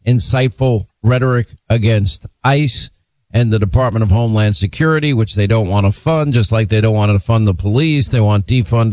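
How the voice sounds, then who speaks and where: Male radio host, forceful monologue style, mid pitch, dry studio sound. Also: dry recording. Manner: forceful, indignant delivery. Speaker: radio talk show host. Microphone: studio mic.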